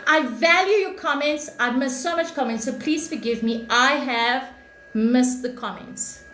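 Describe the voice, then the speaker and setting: Brief: woman livestream host with a very high voice, blunt and profane and preachy, recorded in a roomy, echoey space. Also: measured pace, a bit bright. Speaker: live stream host, spiritual reader. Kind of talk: impassioned livestream monologue. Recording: echoey room with faint noise.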